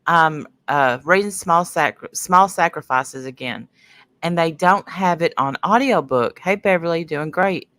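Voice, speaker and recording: A sniffly middle-aged woman hosts a casual livestream, her voice set low and heard close and dry. She rambles from one story to the next and breaks off mid-sentence to greet viewers by name. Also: measured pace, fairly bright tone, dry recording. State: sniffly from sinuses. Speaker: livestream host.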